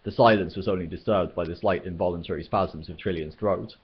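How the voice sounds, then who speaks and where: Deep, husky male storyteller, steady read, dull lo-fi recording. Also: a little fast. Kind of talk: reading a novel aloud.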